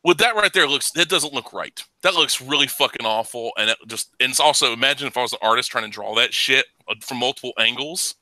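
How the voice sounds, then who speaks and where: Man, podcast host, profane rants, loud laughter, sharp bright tone, dry close sound. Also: mid-range voice, fast, few pauses, dry recording, rough recording. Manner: ranting, profane, laughs loudly. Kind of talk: casual profane chat.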